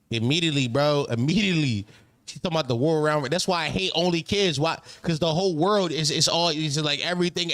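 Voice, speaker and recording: A man's voice: fairly high pitch, fairly bright tone, dry recording. Profane ranting young man, dry sound. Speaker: reaction streamer host. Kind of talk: casual profane reaction commentary.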